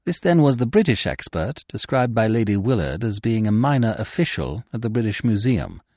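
Male audiobook narrator, lively and dramatic, lower voice, dry close sound. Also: moderate pace, no room sound. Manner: expressive, dramatic reading. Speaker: podcast narrator.

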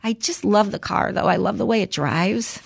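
A woman co-hosting a podcast, telling a story in casual chat, acting out the quoted exchanges with lively shifts and swearing freely. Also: medium pitch, moderate pace, creaky, breathy edge. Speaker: podcast co-host.

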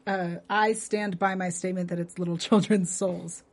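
A woman's voice: fairly low pitch, steady tone, moderate pace. Female co-panelist, light and playful. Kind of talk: casual chat.

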